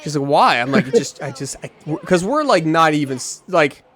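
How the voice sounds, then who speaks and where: Over faint game music, a man co-hosting a gaming show plays a video game and talks casually, wandering through a story and acting out the voices of those involved. His voice sits a little high, with lively intonation, a brisk pace and a fairly bright tone.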